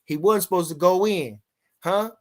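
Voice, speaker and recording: A man's voice: high-pitched, moderate pace. An older man, hosting a casual live boxing stream in a rambling way, full of fillers, reading out chat comments. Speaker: podcast host.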